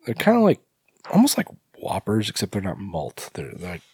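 A man co-hosting a podcast in casual film talk, mostly agreeing with short replies. His voice sits somewhat low. The sound is dry and close. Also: wildly swooping pitch, fairly quick, a little mellow, breathy edge, dry recording. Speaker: podcast co-host. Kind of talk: casual chat reviewing a film.

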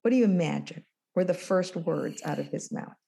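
A woman in her sixties, a guest in an interview, telling a story with lively acted-out dialogue. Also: on the low side, moderate pace, gravelly. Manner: animated storyteller, acts out dialogue. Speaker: guest, former business school lecturer.

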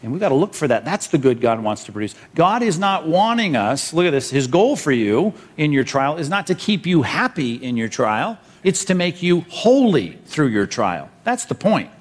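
A man's voice: on the high side, sing-song, normal speed, hardly any pauses. A middle-aged man preaching a sermon as pastor, emphatic, with rhetorical questions and numbered points to jot down.

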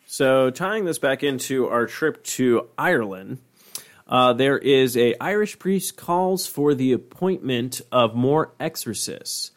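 A man's voice: mid-range voice, animated, slow pace. A man co-hosting a podcast in rambling, profane casual chat. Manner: rambling, profane, full of fillers. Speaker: podcast co-host.

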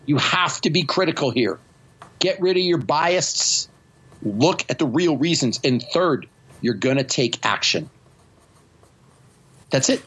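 A man's voice: on the high side, expressive, a little slow, pauses often, a bit bright, breathy edge, rough recording. A man hosting a podcast, telling stories in a blunt, profane, self-mocking way. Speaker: podcast host. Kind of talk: casual storytelling chat.

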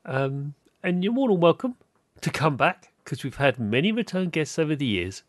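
A man's voice: fairly high pitch, sing-song, normal speed, no room sound, clean studio sound. A man hosting a podcast interview, chatting casually and animatedly, often laughing and acting out quoted voices. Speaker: podcast host.

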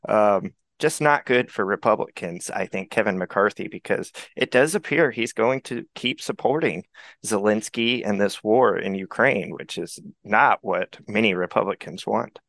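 A man hosting a political talk show, speaking in a steady, level manner. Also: fairly low pitch, a little slow, gravelly, dry recording. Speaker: host.

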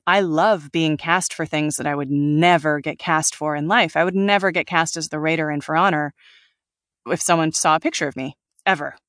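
A woman voice actor talking casually in an interview, animated, laughing often and restarting her sentences. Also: sits low, normal speed, no room sound, studio quality. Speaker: voice actor guest.

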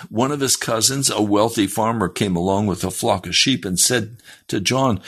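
A man's voice: on the low side, normal speed, few pauses, fairly bright tone, husky. A male preacher retelling a first-person story in his sermon, emphatic and challenging his listeners directly.

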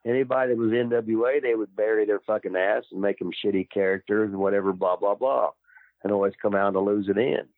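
An older man, a former wrestler guest on a podcast, talking in a blunt, profane, gruff way. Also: on the low side, fairly even intonation, fast talker, no room sound. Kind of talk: casual interview. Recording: tinny dry phone line.

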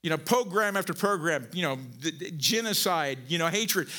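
A man preaching a sermon as pastor, animated and conversational, swinging from low quiet phrases to loud emphatic peaks with folksy asides. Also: normal speed, few pauses.

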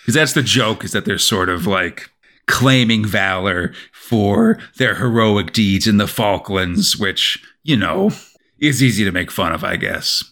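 Bright-voiced man recapping a comic. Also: on the low side, unhurried. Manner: animated storytelling, hedges with "sort of". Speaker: podcast co-host. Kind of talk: casual chat recapping a comic.

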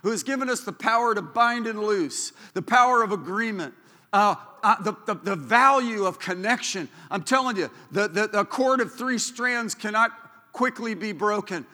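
A man preaches with fervor, his voice pitched high and bright as he builds to loud declarations. The sound carries the long reverb of a church hall. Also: animated, moderate pace. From Southern California. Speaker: pastor. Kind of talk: sermon. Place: church sanctuary.

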